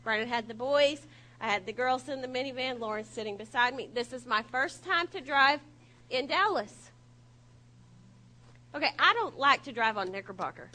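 A woman preaching a humorous sermon, telling stories in an animated, self-mocking way. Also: fairly high pitch, moderate pace, rough recording.

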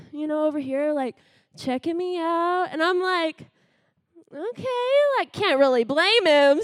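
Young female preacher, high-pitched, earnest storyteller, dry recording. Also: no echo. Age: young adult. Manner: storytelling, earnest, acts out dialogue. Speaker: young speaker giving a short sermon. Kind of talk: sermon.

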